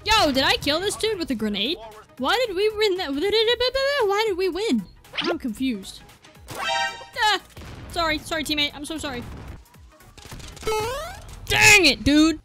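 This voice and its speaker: Excitable high-voiced woman gaming. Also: a little slow, pauses often. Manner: excitable, exclaiming and apologizing a lot; self-deprecating joking. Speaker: gaming video creator. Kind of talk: live gameplay commentary. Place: at home, seated at a gaming desk. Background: game music and gunfire.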